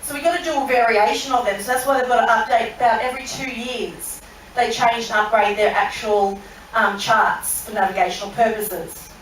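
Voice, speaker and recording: A woman's voice: on the high side, steady tone, normal speed, fairly bright tone, a little hiss or hum. A woman presenting an interactive lesson to an audience, chatty, asking questions and laughing along. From Australia. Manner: chatty, asks the audience questions, laughs at her own story. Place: large room on a cruise ship. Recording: very echoey hall, voice from far off.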